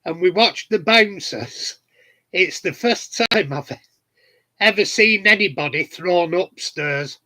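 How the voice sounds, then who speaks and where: This hobbyist vlogger, a middle-aged man with a Yorkshire accent, sits in his home garden shed chatting casually and sharing cheeky stories in reply to viewers. He speaks slowly, his pitch sits high, and his tone is sharp.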